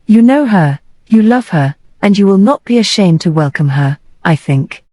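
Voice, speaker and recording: A woman's voice: mid-range voice, lively intonation, moderate pace, dark tone, dry recording, close to an everyday voice. A woman voicing an earnest young man, a grieving brother, in an audiobook, speaking with urgent emotion.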